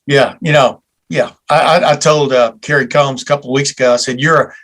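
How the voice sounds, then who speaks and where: A man's voice: mid-range voice, fairly even intonation, fairly quick, a bit bright. A man hosting a sports podcast, chatting casually and dropping facetious asides. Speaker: podcast host.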